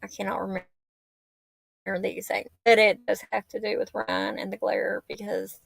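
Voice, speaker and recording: A woman's voice: medium pitch, sing-song, moderate pace, vocal fry, no room sound. A woman, rambling and heartfelt in a tearful casual livestream chat. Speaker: livestream host. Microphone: laptop or phone mic.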